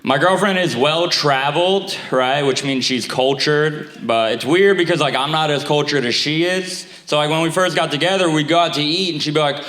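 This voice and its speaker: A man's voice: fairly high pitch, a little fast, hardly any pauses, fairly bright tone. Young man with a lisp doing stand-up. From Staten Island. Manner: conversational, self-deprecating delivery with asides to the crowd. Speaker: stand-up comedian. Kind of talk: stand-up comedy set. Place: theater stage before a live audience. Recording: roomy live theater sound.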